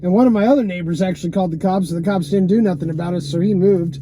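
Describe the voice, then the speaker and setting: Rambling high-voiced man. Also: very fast, background noise. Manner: loose and rambling, many fillers like "you know" and "man", swears often. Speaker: vlogger telling a personal story. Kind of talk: casual rambling monologue. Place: inside a parked car.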